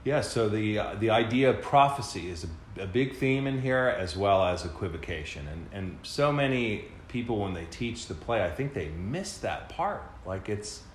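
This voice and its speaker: A man with a low voice talks through ideas in a relaxed, rambling way, filling pauses with small filler words and restarting his sentences. He sounds like he is in a reverberant room. A faint hiss sits under his voice. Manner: explains at length, many fillers and restarts. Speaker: podcast co-host. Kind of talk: casual explanatory discussion. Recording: echoey room, faint background noise.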